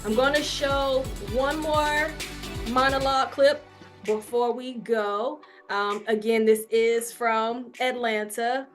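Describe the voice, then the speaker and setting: A woman acting coach on a video call, her voice a little higher than usual, talking in a chatty, upbeat way. Music plays clearly behind her. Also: fairly even intonation, slow. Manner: chatty, upbeat, repeats words, laughs easily. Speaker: acting coach hosting a class. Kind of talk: casual encouraging wrap-up talk. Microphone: video call microphone.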